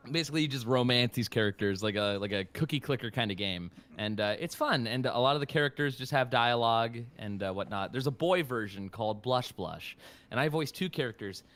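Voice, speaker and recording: A man's voice: mid-range voice, brisk, fairly bright tone. A young man, a voice actor guest on a podcast, chatting casually in a rambling, self-deprecating way full of fillers and restarts.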